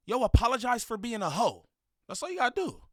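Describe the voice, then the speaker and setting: A man giving a loud, profane reaction commentary, mocking and heckling as he talks. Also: extremely high pitch, huge pitch swings, quick pace, dry recording.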